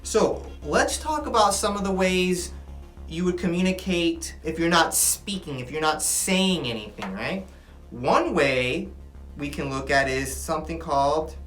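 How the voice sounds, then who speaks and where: A man giving a classroom lecture. He talks in an animated way and keeps checking in with his listeners. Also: on the high side. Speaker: teacher. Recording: echoey room with faint music. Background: faint music.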